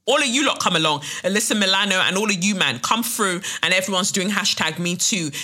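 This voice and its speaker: A woman's voice: medium pitch, expressive, a little fast, bright, forceful tone. A woman hosting a podcast, delivering a fiery, emphatic and profane monologue, repeating points for stress. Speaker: podcast host. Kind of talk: impassioned monologue.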